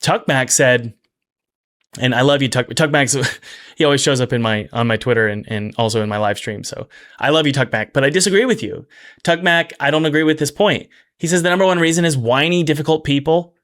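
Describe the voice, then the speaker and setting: A man hosting a casual commentary video about game development. He talks in an energetic, chatty way, with restarts and quick asides, and repeats key phrases for emphasis. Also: mid-range voice.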